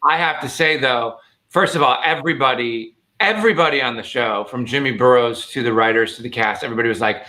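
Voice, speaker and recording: A man's voice: medium pitch, quick pace, bright, forceful tone. A man appearing as a guest actor on a video-call chat, gushing with praise for his colleagues. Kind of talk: casual chat on a live stream.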